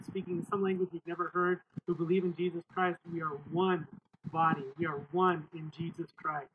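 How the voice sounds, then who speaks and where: A middle-aged male pastor preaching emphatically outdoors, repeating phrases and calling on the church for amens. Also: high voice. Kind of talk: outdoor sermon. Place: outdoors, windy. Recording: tinny phone-like sound with wind noise.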